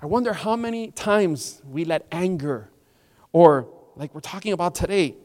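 A man pastor preaching a sermon in a church, animated and acting out the people in his story. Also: on the high side, normal speed. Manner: animated, acts out quoted voices. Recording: long church hall reverb.

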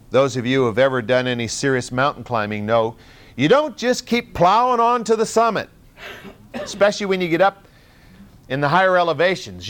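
A man preaching a sermon in a conversational teaching style, reading scripture aloud and driving points home with rhythmic repetition. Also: medium pitch.

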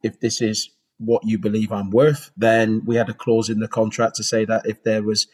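Rough audio captures a former goalkeeper from Bristol, England, in his forties, rambling through stories in a casual interview with many restarts. His Bristol English voice is lowish and husky, with little pitch movement, at a normal speed.

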